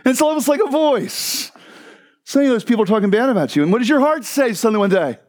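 A man's voice: very high voice, big pitch swings, quick pace, a little mellow. A man preaching a sermon to a crowd in a church hall, joking and asking the listeners questions. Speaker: pastor.

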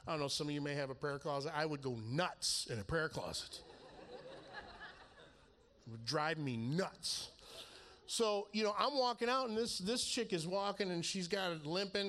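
A man's voice: a little high, fairly bright tone. A man preaching in a casual storytelling way, laughing as he acts out the conversations in his story. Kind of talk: storytelling sermon.

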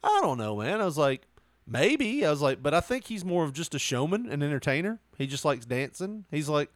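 A man's voice: fairly high pitch, big pitch swings, brisk, dry recording, clean studio sound. A man telling a story in casual chat, laughing often and acting out quotes.

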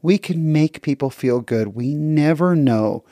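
A man's voice: fairly high pitch, animated, unhurried, warm tone, no room sound, studio quality. A middle-aged man telling a personal story in an earnest, reflective, conversational way.

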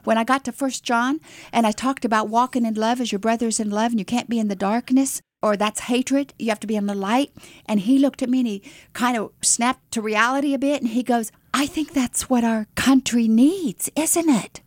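A middle-aged woman missionary telling her story in an interview, animated and dramatic. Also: fairly high pitch, fairly quick, no room sound.

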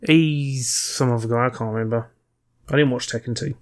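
A man's voice: mid-range voice, moderate pace. A man co-hosting a podcast, chatting casually with short dry remarks. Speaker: podcast co-host. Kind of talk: casual chat.

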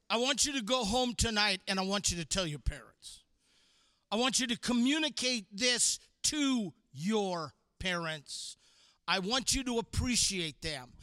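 A man giving a sermon to young people, playful and sarcastic, acting out quotes with animated voices. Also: extremely high pitch, smooth, dry recording, clean studio sound. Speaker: youth pastor. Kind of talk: sermon to a youth audience.

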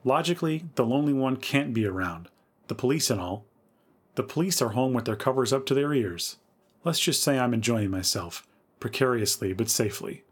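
A man voicing a bold young woman who talks calmly and reassuringly, in a spooky story reading. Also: medium pitch, a little fast, husky.

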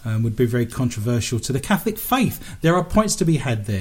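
A man's voice: medium pitch, very animated, fast, husky. A man hosting a podcast quiz, talking casually and rambling with restarts. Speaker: quiz show host.

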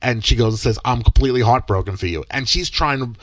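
A man's voice: medium pitch, quick pace, dry recording. A young man and podcast co-host, telling a story in casual chat and acting out the quoted dialogue with lots of energy. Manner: animated, acts out quoted dialogue.

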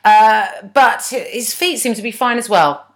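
A woman's voice: a little high, measured pace. A woman co-hosting a podcast, recapping a TV episode in a chatty, digressive, wry way. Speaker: podcast co-host. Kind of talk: casual chat recapping a TV episode.

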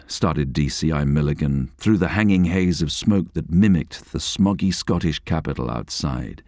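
Deep, expressive male audiobook narrator. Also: normal speed, few pauses, no echo, clean studio sound. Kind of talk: scripted narration.

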